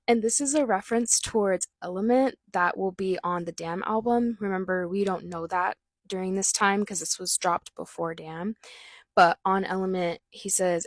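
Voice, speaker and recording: A woman's voice: mid-range voice, moderate pace, no echo. A woman hosting a casual video, explaining song lyrics in a loose, chatty way full of "like" and "um". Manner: reads out quoted lines between her own explanations. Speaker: host breaking down rap lyrics. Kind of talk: casual commentary.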